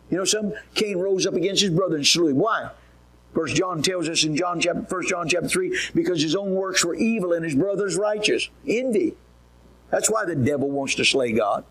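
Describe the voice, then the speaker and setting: Husky preacher, folksy and emphatic. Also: male voice, sits high, a little fast, fairly bright tone, rough recording. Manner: folksy, emphatic, asks the audience questions. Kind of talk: sermon.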